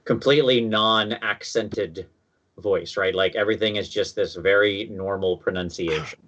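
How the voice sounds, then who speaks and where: A man from the US Midwest with a Midwestern accent, explaining things in a measured way during a casual chat. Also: fairly low pitch, a bit bright, highs cut off. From Ohio, US Midwest.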